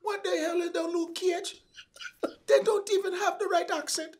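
A man's voice: steady tone, moderate pace. A man voicing angry Jamaican-accented viewers who rant indignantly about casting. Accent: put-on Jamaican. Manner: indignant, high-pitched ranting.

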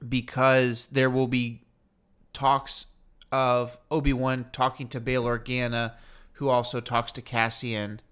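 Smooth-voiced man in casual chat. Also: mid-range voice, takes it slowly. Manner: rambling, jokey, animated storytelling. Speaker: podcast co-host.

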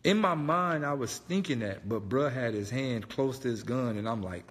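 A man casually telling a story, animated, slangy and profane. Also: mid-range voice, normal speed, hardly any pauses, long reverb tail. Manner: animated, profane, slangy, keeps saying "bro".

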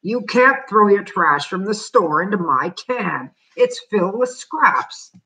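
Nagging old landlord man as a woman puts him on, husky, loud, scolding, slowed words. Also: mid-range voice, lively intonation, voice pushed up, heavily acted. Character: angry older male landlord, nagging, shouting.

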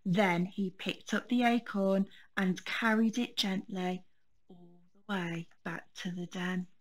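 A woman teacher reading a children's storybook aloud, gentle and expressive. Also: medium pitch, takes it slowly.

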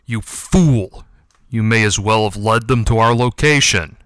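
A man's voice: fairly low pitch, fairly bright tone, clear, resonant tone, dry recording, studio quality. A man voicing a hissing, snide shadow cat. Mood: scolding. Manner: hissing, scoffing, slow and snide. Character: snide menacing male cat pack leader in shadows. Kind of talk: audiobook character voice.

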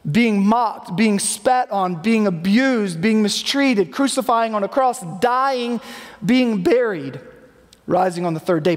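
High-voiced man preaching in a reverberant church. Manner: conversational preaching, acting out quoted lines. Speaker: pastor. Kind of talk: sermon. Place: church sanctuary.

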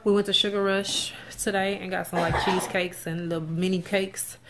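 A woman's voice: mid-range voice, level tone, moderate pace. Chatty woman vlogger, noisy car. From Texas, USA. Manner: chatty, rambling, talks straight to viewers. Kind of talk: casual chat to viewers. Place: in a car and at home. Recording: loud background noise from a car.

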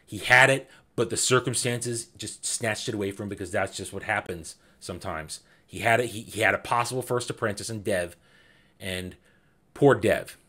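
A man hosting an informal book club, talking enthusiastically and animatedly, repeating himself as he builds his points. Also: medium pitch. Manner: enthusiastic, animated, with frequent restarts. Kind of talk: casual book discussion.

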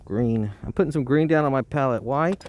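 A man's voice: medium pitch, a little fast, darkish tone, highs cut off. A man hosting a casual live painting stream outdoors by the roadside, rambling and talking to himself with frequent chuckles.

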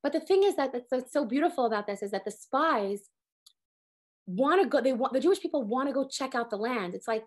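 A woman in her thirties with a high, quick voice gives a casual Torah lesson. She talks fast and with energy, acting out exasperated little prayers mid-sentence. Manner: animated, acts out exasperated prayers. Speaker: Torah teacher. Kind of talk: casual online class.

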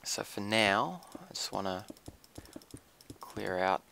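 Low, gravelly man; relaxed let's-play commentary, thinking aloud as he works. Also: takes it slowly, slight background noise. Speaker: Minecraft builder narrating his build. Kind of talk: casual gameplay commentary.

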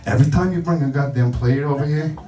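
A man voicing a gruff tough-guy man at a buffet, talking low, quietly and with menace. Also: fast, lightly acted. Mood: menacing. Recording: roomy club sound from a distance, audience.

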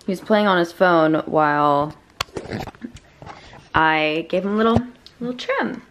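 Casual woman vlogger, bubbly and rambling, slightly low voice, faint background noise. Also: expressive, measured pace. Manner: chatty and bubbly, lots of "like" and "um". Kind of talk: casual day-in-the-life vlog chat.

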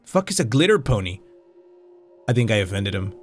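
Crude, excitable man playing a game. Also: lowish voice, fairly quick, faint music behind. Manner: loud, crude, laughing reactions. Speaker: gaming video creator. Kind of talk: let's play commentary.

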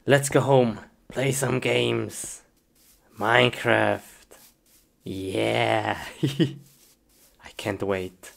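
A woman performing a comedy sketch, talking to herself in simple, broken English and breaking into excited yelps and shrieks of frustration. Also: very deep voice, extremely slow, creaky, pauses often. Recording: noisy recording.

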